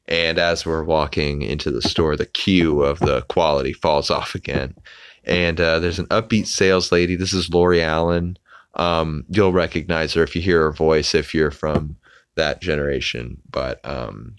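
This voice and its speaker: A man's voice: rumbling low, steady tone, moderate pace, a bit bright, clear, resonant tone, no room sound. A young adult man hosting a podcast, casually recapping a cartoon with lots of fillers and the odd swear, on a close mic. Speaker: podcast host.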